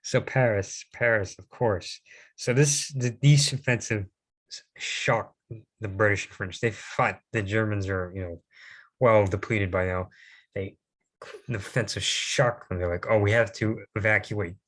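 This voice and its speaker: A man's voice: fairly low pitch, measured pace, pauses often, a bit bright. A young man giving an informal history presentation, rambling and hesitant with many fillers and restarts, adding self-deprecating asides.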